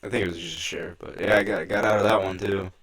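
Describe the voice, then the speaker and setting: Young male guest, gravelly with a low pitch, animated and swearing, raises his voice when he quotes himself. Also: quick pace, poor audio. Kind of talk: casual storytelling chat.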